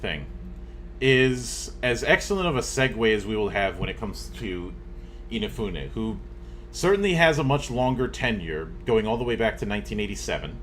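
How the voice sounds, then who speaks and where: A man's voice: fairly low pitch, animated, moderate pace, fairly bright tone, slight background noise. A man hosting a casual gaming podcast, laid-back and wry, with rambling asides. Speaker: podcast host.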